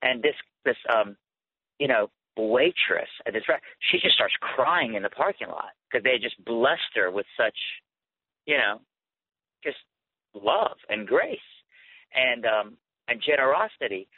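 A man's voice: medium pitch, very animated, measured pace, creaky, slightly rough, dry recording. A man, a guest speaker and author, earnestly telling his personal testimony in a conversational way over a phone line into a radio show. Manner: earnest, conversational, rising with emotion. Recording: dry tinny phone line.

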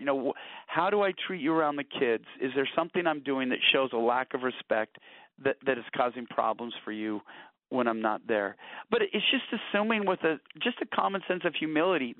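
A man's voice: fairly high pitch, no room sound. A middle-aged man telling earnest, anecdotal stories about marriage, often repeating words at the start of a thought. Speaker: guest author on marriage. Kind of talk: conversational storytelling. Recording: dry, tinny phone-like radio audio.

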